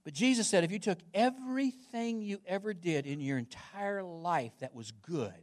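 A man's voice: sits high, lively intonation, moderate pace. A man preaching a sermon as pastor, emphatic, repeating words and putting questions to the congregation.

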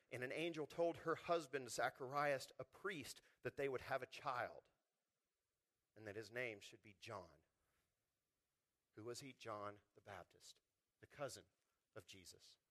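A man preaching a sermon, lively and conversational, acting out the people in his stories. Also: on the high side. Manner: animated, acts out quotes in voices. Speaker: pastor.

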